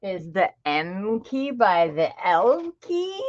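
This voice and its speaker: A woman's voice: mid-range voice, big pitch swings, very slow, few pauses, muffled recording. A middle-aged woman hosting a craft livestream, chatting casually and greeting viewers by name. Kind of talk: casual live-stream chat.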